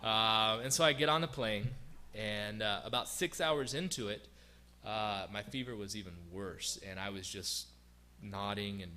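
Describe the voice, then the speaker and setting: Bright-voiced young man telling a story. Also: lowish voice, measured pace, slight background noise. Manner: conversational, self-deprecating, many fillers and restarts. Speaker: guest speaker, missionary. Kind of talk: storytelling testimony to a church. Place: church sanctuary.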